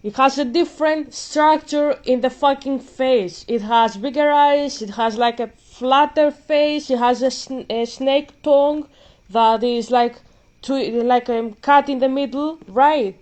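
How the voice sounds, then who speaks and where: A woman's voice: high voice, unhurried, a little mellow. A woman vlogger ranting in casual commentary while gaming, blunt and profane, a bit out of breath.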